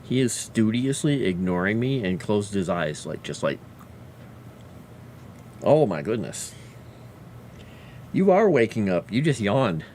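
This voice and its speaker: A man's voice: lowish voice, big pitch swings, unhurried, pauses often, a little mellow, slight background noise. A man chatting casually on a livestream, talking fondly to his pet and his viewers. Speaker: livestreamer and fantasy lore writer.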